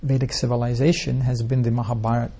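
Guy with a husky gravelly voice rambling through a scripture story, lots of "hmm?" to the room. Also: mid-range voice, level tone, quick pace, dark tone. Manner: rambling storytelling with rhetorical questions. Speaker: spiritual teacher. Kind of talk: informal scripture class.

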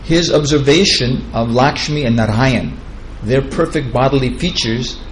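A man teaches through scripture stories, wandering into chatty asides and chuckling at his own jokes. His voice sits at a middle pitch. A faint ambient hum runs underneath. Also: unhurried, low-quality recording. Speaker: spiritual teacher. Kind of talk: devotional storytelling lecture.

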